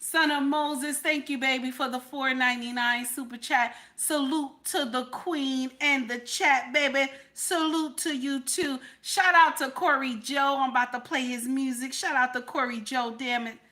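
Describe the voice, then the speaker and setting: A woman's voice: sits high, steady tone, moderate pace, few pauses, sharp tone. A woman hosting a live stream, preaching and sassy, repeating herself for emphasis. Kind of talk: casual live-stream commentary.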